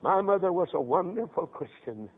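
Fervent preacher on tinny radio. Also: male voice, animated, normal speed, slightly rough. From North Carolina mountains, USA. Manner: fervent, breaks into sudden high cries and weeping. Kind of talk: impassioned revival sermon. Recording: tinny lo-fi old radio broadcast.

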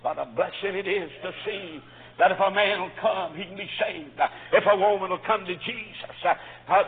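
A man preaching a sermon, fervent and swinging between quiet storytelling and shouts. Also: high voice, moderate pace, slightly rough. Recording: phone-like audio with long hall reverb.

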